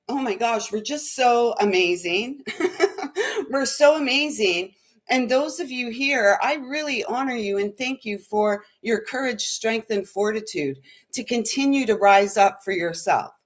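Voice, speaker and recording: A woman's voice: fairly high pitch, lively intonation, a little slow. Spiritual lady talking to her viewers, lots of um and like, sounds a bit shaky. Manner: rambling, many fillers, earnest. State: shaky, unsettled. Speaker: spiritual channel host. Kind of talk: casual spiritual livestream talk.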